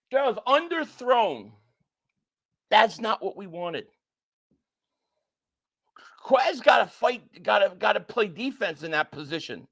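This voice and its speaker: A man streaming a live reaction to a football game, calling the plays and reading viewer chats aloud. He talks excitably, repeats himself when worked up, and swings from shouting at calls to flat frustration. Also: high-pitched, takes it slowly, gravelly, pauses often.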